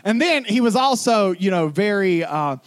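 Preacher guy, high voice, bouncy delivery, gets loud and dramatic. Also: expressive, normal speed, noisy background. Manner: preaching with rising intensity, dramatic retelling. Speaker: pastor. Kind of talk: sermon.

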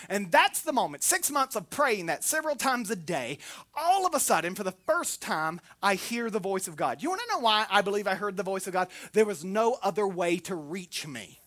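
Bright-voiced Southern preacher man. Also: high voice, big pitch swings, normal speed. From Florida. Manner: folksy, humorous, swings between loud and soft. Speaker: pastor. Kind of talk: sermon.

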